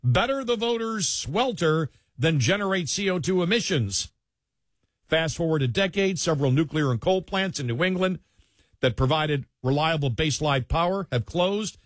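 Sarcastic talk radio host, dry close sound. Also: male voice, on the high side, no echo. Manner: sarcastic, mocking, mimics opponents. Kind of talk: opinionated political talk radio commentary.

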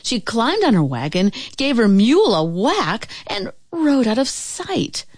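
Storybook reader, woman, slow and sing-song with wide pitch, dry close mic. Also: sing-song, no room sound. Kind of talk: reading a picture book aloud.

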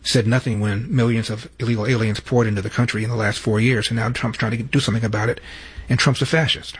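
A man's voice: mid-range voice, fairly even intonation, quick pace, husky. A man giving opinion commentary on politics, sardonic and full of rhetorical questions.

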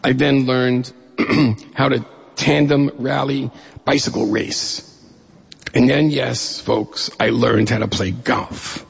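A middle-aged man from New York State telling a humorous personal story to an audience in an animated way. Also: mid-range voice, slow, vocal fry, breathy edge, big-room sound.

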